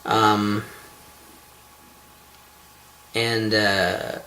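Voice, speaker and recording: A man's voice: fairly low pitch, level tone, very slow, sharp tone. Rambling, sarcastic man vlogging. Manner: rambling, sarcastic, swears often, many ums and restarts. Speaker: vlogger, show host. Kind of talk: casual self-deprecating monologue to camera.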